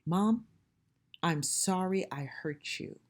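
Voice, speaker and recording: A woman voicing a gentle reassuring son. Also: on the low side, slow. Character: gentle young adult son, reassuring his mother.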